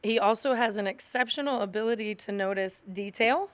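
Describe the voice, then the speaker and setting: Measured woman with a smooth clear voice. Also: mid-range voice, no echo. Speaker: physical therapist endorsing a candidate. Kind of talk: informal spoken endorsement.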